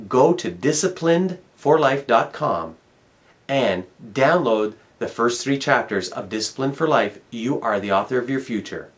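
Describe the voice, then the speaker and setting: A middle-aged man, a motivational speaker, giving an emphatic self-help talk and repeating key words for effect. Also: lowish voice. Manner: storytelling.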